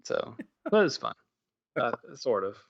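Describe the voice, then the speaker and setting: A man's voice: medium pitch, very animated, unhurried. A man recounting an outing in casual podcast chat, hesitating with frequent ums. The recording sounds a little dull and lo-fi. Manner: hesitant, filler-heavy storytelling. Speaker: podcast co-host. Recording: slightly dull lo-fi audio.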